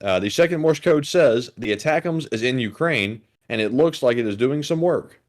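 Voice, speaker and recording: A man co-hosting a live stream, reading viewer messages in a deliberate way while adding inflection to avoid monotone. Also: medium pitch.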